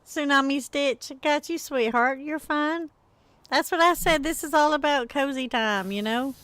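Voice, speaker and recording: A woman's voice: high voice, unhurried, a bit bright, no echo. A middle-aged woman, chatting casually with viewers on a gaming livestream and laughing often as she tells a story.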